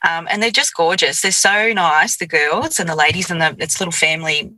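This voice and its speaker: A woman's voice: on the low side, brisk, pushed and bright, slight background noise, low-quality recording. A woman co-hosting a podcast in casual, giggly, rambling chat. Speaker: podcast co-host.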